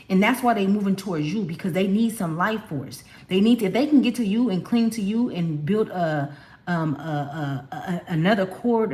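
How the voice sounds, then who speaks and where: A woman from California giving a casual spiritual card reading, talking emphatically to her viewers in a chatty, slangy way. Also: on the low side. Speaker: tarot card reader. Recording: echoey room.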